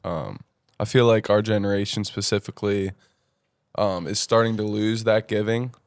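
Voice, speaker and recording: Low-voiced man, podcast host, earnest and encouraging, dry close sound. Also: fairly even intonation, normal speed, no room sound. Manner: earnest, encouraging, with many fillers. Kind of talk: casual interview chat.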